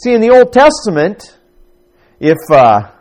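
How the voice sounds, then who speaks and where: Animated man preaching a sermon. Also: high voice, unhurried. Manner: conversational, animated, asks the congregation questions. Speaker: pastor.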